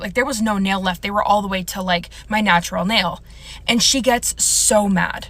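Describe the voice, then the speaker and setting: A woman's voice: mid-range voice, brisk, fairly bright tone. A woman telling a rambling storytime vlog, emotional and choked up, close to tears. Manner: rambling, filler-heavy, emotional.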